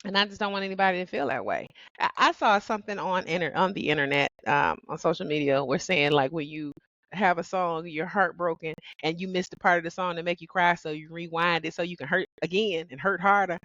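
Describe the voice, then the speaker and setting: A woman hosting a personal podcast, talking about heartbreak and healing in a reflective monologue, expressive and quick to laugh, often calling the listener "baby". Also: on the low side, no room sound, muffled recording. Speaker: podcast host.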